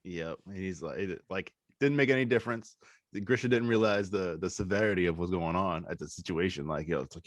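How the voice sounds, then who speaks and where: A man's voice: low-pitched, brisk, no echo, studio quality. A man co-hosting a podcast, chiming in on an anime recap with reactions and extra details. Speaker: podcast co-host. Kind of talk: casual anime recap chat.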